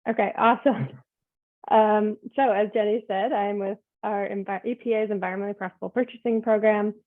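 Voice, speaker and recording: A woman's voice: medium pitch, steady tone, fairly quick. Woman presenting over tinny call audio. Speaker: environmental program specialist. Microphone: video call.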